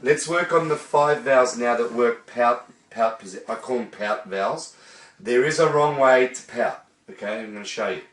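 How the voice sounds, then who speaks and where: A man's voice: medium pitch, normal speed, a bit bright, recorded from a distance. Man coaching vowels in an echoey room. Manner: demonstrative, coaching, models vowels aloud. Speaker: singing teacher. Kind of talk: vocal lesson.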